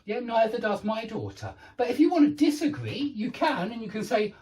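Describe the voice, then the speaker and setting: A man teaches English grammar in an online lesson. His pitch rises and falls a great deal. He stays patient, says each example sentence more than once and leans hard on the words that matter. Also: big pitch swings, a little fast, a little mellow, low-quality recording.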